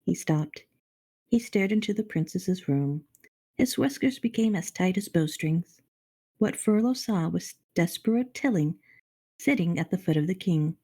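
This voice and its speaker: A middle-aged woman reading a children's novel aloud on a charity livestream, expressive and addressing the reader directly. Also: lowish voice, measured pace. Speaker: storybook reader on a charity stream.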